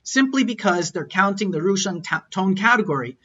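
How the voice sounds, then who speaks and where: A man's voice: high voice, animated, fairly quick, sharp tone, slight background noise. A man teaching an online lesson over slides, explaining patiently and sounding out tones as examples. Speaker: language teacher. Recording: dull lo-fi audio.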